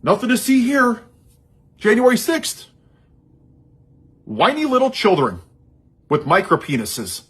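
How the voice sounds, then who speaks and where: A man's voice: sits high, huge pitch swings, a little slow, long pauses, a bit bright, husky. A man giving an impassioned, sarcastic political monologue. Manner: sarcastic, heated, mocking asides. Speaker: social media commentator.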